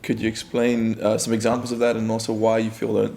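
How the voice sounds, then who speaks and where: A man interviewing a guest, asking measured questions with a few fillers. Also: on the low side, monotone, vocal fry, a little mellow.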